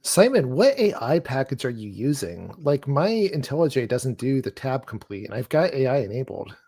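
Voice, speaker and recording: A man with a nasal American voice and a slight Southern accent, chatting as a guest in a lively, friendly way. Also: medium pitch, moderate pace, slightly rough. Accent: American with a Southern touch. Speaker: guest asking questions. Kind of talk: casual chat.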